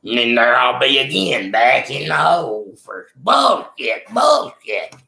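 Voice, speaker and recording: A man tells his story in a rough, deeply gravelly voice, wandering from point to point and swearing freely. His voice sits in a middling register. The recording carries a noticeable room echo. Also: sing-song, unhurried, sharp tone. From Texas. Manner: rambling, profane storytelling. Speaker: storyteller recounting prison time.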